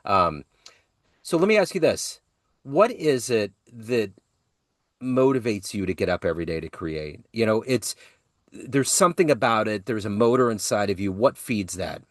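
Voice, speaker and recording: A man's voice: lowish voice, animated, moderate pace, no room sound, studio quality. A man hosting an interview, asking loose, rambling, conversational questions. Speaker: interview host.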